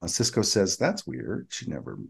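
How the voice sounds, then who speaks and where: Man, from Georgia, low but lively podcast co-host, casual recap. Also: moderate pace, creaky, husky. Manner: recaps scenes, quoting characters in a lowered voice. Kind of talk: casual episode recap chat.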